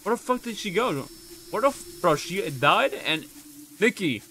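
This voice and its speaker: A man's voice: sits high, sing-song, moderate pace, sharp tone, a little hiss or hum. Exasperated cursing male game streamer. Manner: profane, exasperated, keeps calling out to a teammate. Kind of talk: live gameplay commentary.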